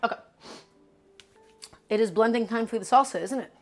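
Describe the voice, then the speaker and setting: A woman's voice: on the high side, moderate pace, faint music behind. Upbeat woman chatting through a cooking stream. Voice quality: chatty, upbeat, talks to the chat directly. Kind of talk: casual live cooking chat. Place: home kitchen at the stove.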